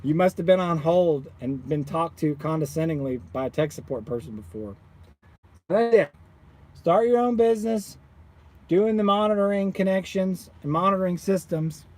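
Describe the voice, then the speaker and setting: A man who runs a solar installing business, ranting casually to viewers with animated exasperation. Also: on the high side, fairly quick, few pauses. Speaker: solar installer, channel owner.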